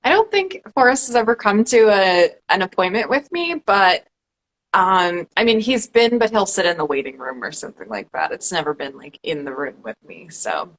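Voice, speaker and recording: A woman podcast host in a relaxed, easygoing casual chat. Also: medium pitch, moderate pace, low-quality recording. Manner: relaxed, easygoing, back-channels a lot. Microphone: video call.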